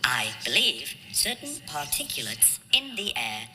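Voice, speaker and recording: A woman voicing a polite assistant droid pilot, speaking in formal, measured machine phrases. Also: low voice, wildly swooping pitch, exaggerated voice. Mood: calm report. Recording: reverberant hall, faint music.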